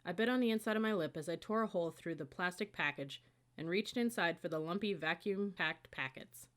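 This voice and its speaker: A woman reads a novel aloud as audiobook narrator, in steady, even storytelling. Her voice sits a little low for a woman. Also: brisk. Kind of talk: scripted narration.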